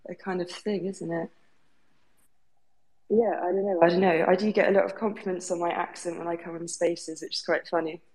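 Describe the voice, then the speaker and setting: A young woman with a British accent speaks in a relaxed, giggly way. Her voice sits low for a woman, and she swears freely in casual chat. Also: a little fast. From Bahrain. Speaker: guest artist.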